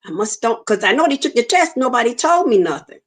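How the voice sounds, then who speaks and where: A woman's voice: on the high side, big pitch swings, brisk. A woman, giving an earnest personal testimony in an interview and acting out the dialogue she quotes. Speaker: interview guest.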